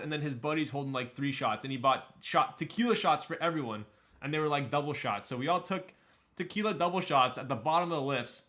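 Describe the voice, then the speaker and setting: A man's voice: a little high, bright, forceful tone. A man chatting casually on a live stream, hyped up, thanking viewers and laughing often while building a keyboard.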